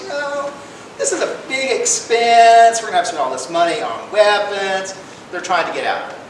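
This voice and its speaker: A man giving a casual public lecture in a library room, retelling history in everyday conversational talk. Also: a bit bright. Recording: echoey room, distant mic, rumbling noise.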